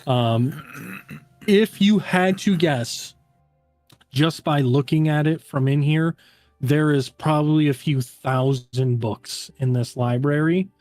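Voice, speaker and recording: Casting note: a man as game master, fairly high voice, loose and chatty, dry mic with faint music under it. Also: takes it slowly, darkish tone, no room sound. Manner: casual, filler-heavy narration with many "um" and "like". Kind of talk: narrating a tabletop game.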